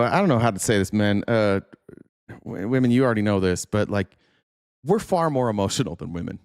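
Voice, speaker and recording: Animated, sarcastic male streamer. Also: sits high, no echo, studio quality. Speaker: host. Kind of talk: reaction commentary stream.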